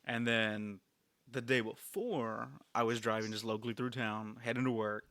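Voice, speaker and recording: A man co-hosting a podcast, telling an animated story in a casual chat full of fillers. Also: medium pitch, normal speed, no echo. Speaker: podcast co-host.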